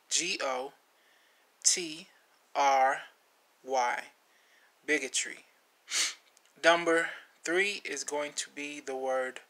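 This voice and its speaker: A man hosting a vocabulary video, naming each word, spelling it letter by letter and repeating it, with relaxed asides. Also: a little high. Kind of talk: slow spelling lesson.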